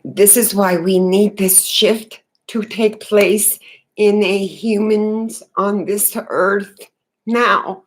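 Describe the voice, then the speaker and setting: A woman talking unscripted about her spiritual awakening, earnest and halting, with many fillers and restarts. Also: medium pitch, steady tone. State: tearful. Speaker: spiritual vlogger.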